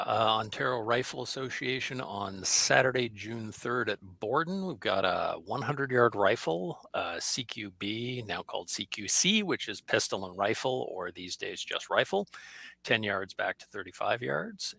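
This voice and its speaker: A man co-hosting a casual show, giving energetic, detail-packed event announcements. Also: lowish voice, measured pace, vocal fry, dry recording. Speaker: co-host. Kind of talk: casual chat. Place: studio.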